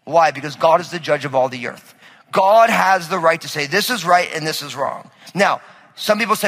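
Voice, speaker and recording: A man's voice: on the high side, animated, fairly quick, fairly bright tone, in a large hall, poor audio. A male pastor giving a sermon in a conversational style, often asking the congregation questions. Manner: conversational, asks the audience questions.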